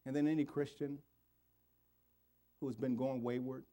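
A man's voice: mid-range voice, flat delivery, moderate pace, mellow. A man preaching a sermon and leading an altar call and prayer, in an earnest, pleading way, his voice rising and falling. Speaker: pastor.

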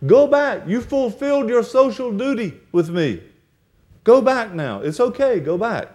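A man's voice: extremely high pitch, very animated, a little slow, a little mellow, pitched above the performer's own voice, exaggerated voice. A male preacher voicing an older widowed woman, insistently pleading with her daughters-in-law to go back home, during a sermon. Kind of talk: sermon storytelling.

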